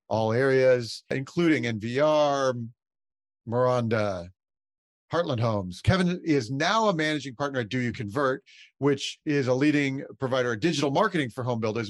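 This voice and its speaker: An easygoing man hosts a podcast interview, speaking conversationally and sometimes restarting his sentences. His voice is mid-pitched and recorded close and dry. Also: no echo. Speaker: podcast host. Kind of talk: casual interview hosting.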